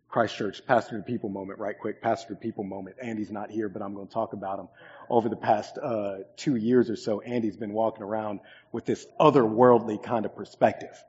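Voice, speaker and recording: A man's voice: on the low side, steady tone, brisk, a little mellow, breathy edge. A man in his twenties preaching a sermon as pastor, earnest and conversational, with frequent "um"s. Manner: earnest, conversational storytelling with many fillers. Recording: echoey hall, dull lo-fi sound.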